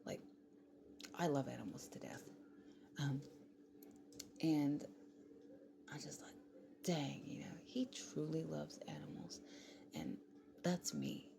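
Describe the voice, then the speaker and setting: A woman's voice: very animated, slow, long pauses. A woman vlogging in a casual, rambling way, often dropping to a whisper. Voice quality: gravelly, low voice. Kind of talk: casual late-night vlog chat. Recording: clear background noise.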